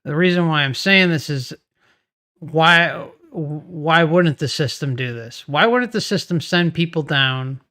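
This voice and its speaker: A man's voice: on the high side, unhurried, pushed and bright. A man hosting a channel, commenting on testimonials in a musing, conversational way with sarcastic asides. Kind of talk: video commentary.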